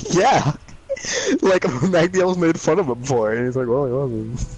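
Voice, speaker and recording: A young man hosting a gaming stream, chatting casually with friends in a relaxed, laughing way and swearing often. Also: on the high side, measured pace, soft background music, rough recording. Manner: laid-back, swears often, laughs mid-sentence. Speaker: let's play host. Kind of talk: casual chat among friends while gaming.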